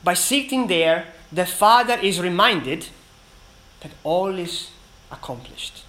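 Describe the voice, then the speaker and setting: A man preaching a sermon in an earnest, emphatic way, with dramatic pauses between phrases. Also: high voice, animated, pushed and bright, rough recording.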